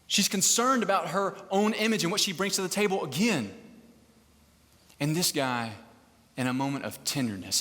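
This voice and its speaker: A man's voice: high voice, expressive, moderate pace, pushed and bright. A man preaching a casual, conversational sermon to a live crowd, chatty and joking, often checking in with the listeners. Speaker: pastor. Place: large hall, live service. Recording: long hall reverb.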